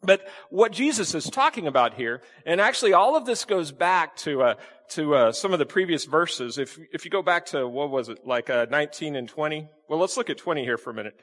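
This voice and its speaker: Male pastor, animated delivery, a touch high, long hall reverb, preaches with questions and light humor. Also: fairly quick. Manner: lively, questioning the congregation, playful asides. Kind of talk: sermon. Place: church sanctuary with congregation.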